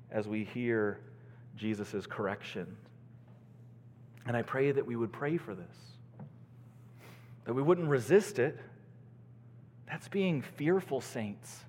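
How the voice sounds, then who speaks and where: A male pastor preaching a sermon in a church, earnestly, swinging between soaring emphasis and hushed lows. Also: takes it slowly, pauses often, long reverb tail.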